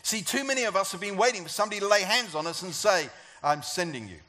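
High-voiced man preaching to a congregation. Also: animated, rapid-fire, sharp tone. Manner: conversational preaching with rhetorical questions to the congregation. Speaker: pastor. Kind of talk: sermon.

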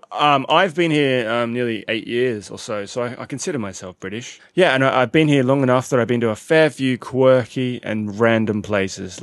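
A man's voice: medium pitch, no echo, studio quality. A man with an Australian accent co-hosting a podcast, joking and rambling in casual chat. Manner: joking, rambling, self-deprecating. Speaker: podcast co-host.

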